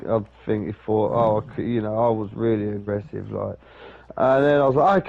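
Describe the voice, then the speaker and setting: A man's voice: fairly low pitch, brisk, creaky, narrow, tinny audio. A man, telling a rambling, sweary story in casual talk and acting out other people's lines. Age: 30s.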